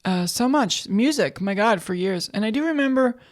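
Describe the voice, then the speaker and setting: A woman's voice: medium pitch, expressive, moderate pace. A woman co-hosting a casual podcast chat, joking and self-mocking. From United States. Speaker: podcast co-host.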